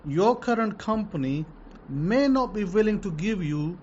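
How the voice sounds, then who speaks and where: A man's voice: high-pitched, expressive, a little slow, a little mellow, muffled recording, slight background noise. A man preaching about tithing in an emphatic, repetitive way, telling testimonies to his listeners. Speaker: religious teacher on tithing.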